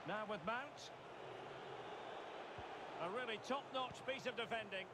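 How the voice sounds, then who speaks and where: A man with a high voice calls a football match play-by-play, snapping out player names in short bursts. Loud game noise sits heavily under his voice. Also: unhurried. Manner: terse name-calling of passes, rising on chances. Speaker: play-by-play commentator. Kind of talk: scripted football commentary.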